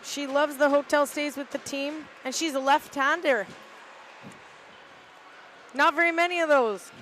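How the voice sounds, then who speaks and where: Chatty high-voiced woman commentating a rink game. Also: a little slow, slight background noise. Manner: relaxed, chatty, hesitant with fillers. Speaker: volunteer play-by-play commentator, team parent. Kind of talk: amateur live sports commentary. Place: arena balcony overlooking ice rink.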